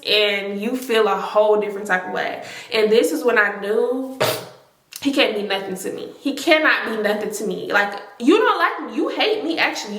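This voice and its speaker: A woman with a somewhat high voice recounts a casual storytime vlog. She talks with emphasis and often repeats her lines for effect. The room around her sounds echoey. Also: fairly bright tone. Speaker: storytime vlogger. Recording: roomy echo.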